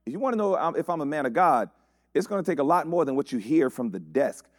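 A man's voice: fairly high pitch, big pitch swings, quick pace, no room sound, studio quality. A man preaching a sermon, building his points through repeated rhetorical questions.

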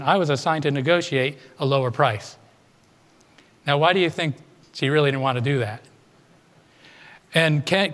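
A man's voice: on the high side, fairly bright tone. A man preaching a sermon, retelling a congregant's story and putting questions to his listeners. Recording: long hall reverb.

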